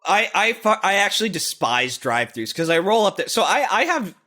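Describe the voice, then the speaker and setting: Bright-voiced laughing podcast co-host man. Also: high-pitched, big pitch swings, fairly quick. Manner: rambling, laughing, profane. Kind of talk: casual comedic chat.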